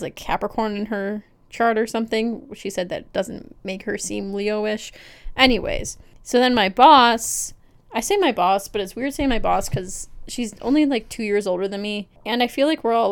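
A woman's voice: medium pitch, smooth. A young adult woman co-hosting a podcast, telling rambling, self-deprecating stories in casual chat. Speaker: podcast co-host.

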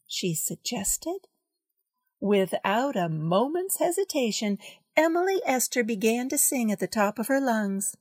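A woman reading a children's story aloud, carefully and clearly. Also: fairly high pitch, very animated, a little slow, no room sound, clean studio sound.

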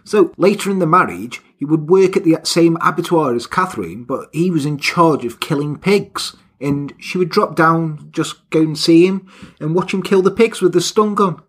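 A man's voice: a little high, normal speed, husky. A man hosting a podcast, telling a crime story from a script in a wry, jokey way. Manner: wry, jokey, slips into silly put-on voices. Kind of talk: half-scripted storytelling with banter.

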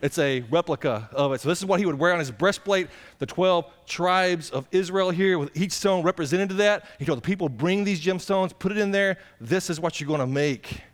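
A middle-aged man preaching a sermon, his voice sitting high for a man. He talks in a folksy, conversational way, asks the congregation questions, and swings between excited, raised passages and low, quiet asides. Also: fairly quick, few pauses. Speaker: pastor.

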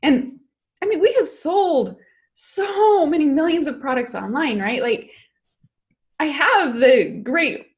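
A woman's voice: sits high, expressive, slow pace. Earnest woman telling a personal story. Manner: emotional, earnest, candid. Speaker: guest, online course creator. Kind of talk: casual interview, personal story.

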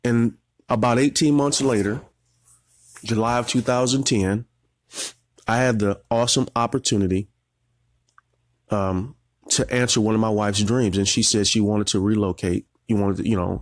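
A man's voice: fairly low pitch, steady tone, normal speed, no room sound, studio quality. A man in his forties, a marketing coach, giving an emotional motivational talk, holding back tears and repeating phrases as he tells his story.

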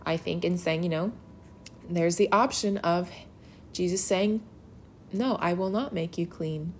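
A woman's voice: on the low side, unhurried, long pauses, faint music behind. A woman giving a casual Bible lesson. She talks in a conversational, emphatic way and leans on filler words. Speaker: Bible teacher.

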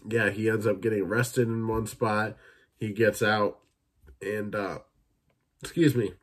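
A young man hosting a casual solo podcast, rambling and swearing as he retells movie scenes in quick impressions. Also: fairly low pitch, fairly even intonation. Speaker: podcast host reviewing films.

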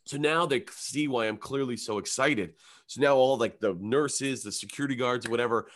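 Animated profane storyteller, man. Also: medium pitch, normal speed. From Canada. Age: young adult. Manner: animated, profane storytelling, acts out his own and others' lines in a raised voice. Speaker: comedian guest. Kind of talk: storytelling on a podcast.

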